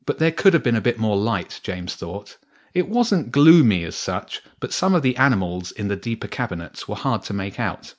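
A man calmly reading a children's story aloud as narrator. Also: lowish voice, normal speed. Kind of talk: scripted narration.

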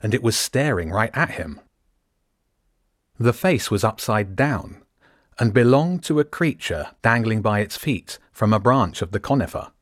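Low-voiced male audiobook narrator. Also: expressive, unhurried, no room sound, studio quality.

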